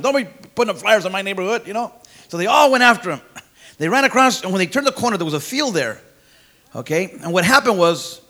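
High-voiced bright male preacher. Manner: folksy, hesitant with fillers and repeated words; emphatic, rising to loud declarations. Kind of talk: sermon.

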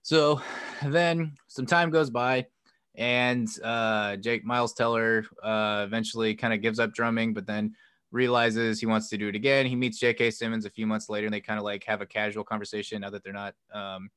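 Rambling low-voiced man chatting. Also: flat delivery, moderate pace, a bit bright, clear, resonant tone, no echo. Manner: loose and rambling, heavy use of "like" and "um"; acts out quoted lines with a lifted voice. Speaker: podcast co-host. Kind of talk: casual chat recounting a film plot.

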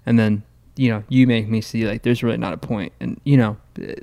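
A man co-hosts a podcast in a relaxed, loose chat. He rambles and restarts his sentences, and he leans on "like" and "you know" all the time. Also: fairly low pitch, brisk, gravelly. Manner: laid-back and rambling, heavy use of "like" and "you know". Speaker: podcast co-host. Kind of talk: casual chat.

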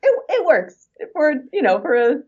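A woman talking as an actress guest in a casual interview, chatty and quick with asides, laughing often. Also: high-pitched, big pitch swings, darkish tone, highs cut off.

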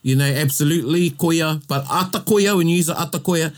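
A man from New Zealand with a New Zealand accent, co-hosting a casual bilingual chat in a playful, animated way. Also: on the high side, brisk. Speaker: co-host.

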